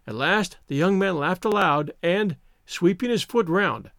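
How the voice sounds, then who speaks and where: Male audiobook narrator, high-pitched, lively intonation, dry close recording, expressive storytelling. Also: measured pace, vocal fry, no echo.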